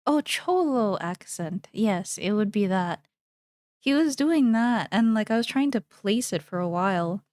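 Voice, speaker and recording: A woman's voice: medium pitch, animated, measured pace, darkish tone, dry recording, studio quality. A young woman streamer chatting casually while she draws, rambling playfully and thinking aloud.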